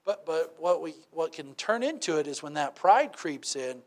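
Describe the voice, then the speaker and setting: A man's voice: fairly high pitch, expressive, moderate pace. Guy preaching casually, lots of "right?", acts out bits. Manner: conversational, asks "right?" often, acts out quotes. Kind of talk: sermon.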